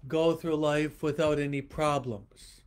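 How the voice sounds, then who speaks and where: A man preaching a homily to viewers following online, his voice sitting a little high for a man. He speaks very slowly, repeating rhetorical questions one after another. He often pauses and restarts his sentences as he goes. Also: steady tone. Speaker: priest. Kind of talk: livestreamed homily.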